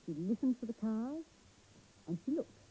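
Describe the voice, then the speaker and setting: Husky-voiced storyteller woman. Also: a little high, normal speed, poor audio. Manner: gentle, expressive, asks the children questions. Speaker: children's TV presenter. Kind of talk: storytelling for young children.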